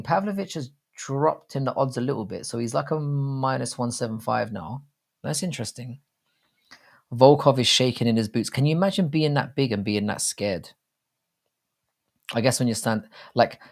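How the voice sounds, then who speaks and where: A man's voice: medium pitch, vocal fry. A man hosting a casual live stream, talking in a rambling, jokey and crude way with many restarts. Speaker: livestream host. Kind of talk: casual live-stream chat about fight betting.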